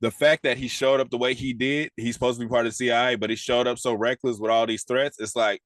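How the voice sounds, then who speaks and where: A man's voice: mid-range voice, steady tone, quick pace, hardly any pauses, no room sound. A man co-hosting a casual TV review podcast, retelling scenes with profane slang and acting out the characters' lines. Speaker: podcast co-host.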